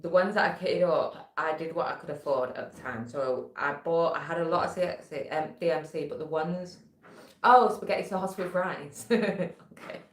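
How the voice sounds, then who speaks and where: A woman's voice: deep voice, moderate pace. This is a woman, chatting casually as she hosts a live stream from home. She trails off into fillers and reads out messages from viewers. The room around her is echoey. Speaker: livestream host.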